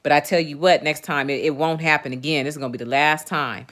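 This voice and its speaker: A woman's voice: low voice, fairly even intonation, quick pace, a bit bright. A woman in her forties hosts a casual livestream and vents to her viewers. She is candid and emphatic, swears freely, and keeps checking in with the chat as she talks. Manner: talks straight to viewers, often asks "you know what I'm saying". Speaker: livestream host.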